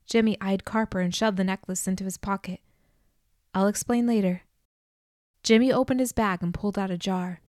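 A woman narrating an audiobook in a measured, expressive way, on a close studio mic. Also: medium pitch, dry recording.

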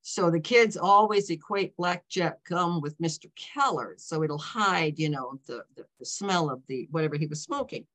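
A woman in her seventies tells stories in a casual author talk, with a voice that sits fairly low. She rambles, breaks off mid-sentence, and keeps checking in with "okay?" and "you know.". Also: normal speed, few pauses, fairly bright tone. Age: 70s.

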